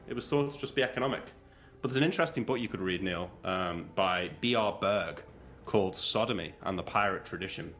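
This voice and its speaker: A man playing a tabletop game with friends, chatting casually, animated and laughing as he lectures playfully. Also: fairly low pitch. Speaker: player.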